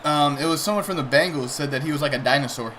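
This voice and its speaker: A man's voice: on the high side, fast, a bit bright, slight background noise. A man hosting his gaming channel, chatting casually and joking over a football video game. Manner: playful, joking banter.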